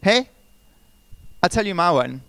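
A man preaching a sermon as pastor, animated and conversational, asking his congregation questions and telling personal stories. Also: high voice, measured pace, vocal fry, smooth, dry recording. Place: church service.

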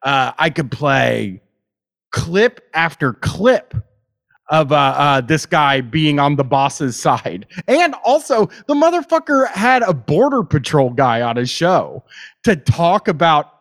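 An exasperated man hosts a casual chat, swearing freely and breaking into laughs. His voice swings widely in pitch and sits a little high. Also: sing-song, takes it slowly, vocal fry, fairly bright tone. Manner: exasperated, profane, laughing often. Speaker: podcast host.

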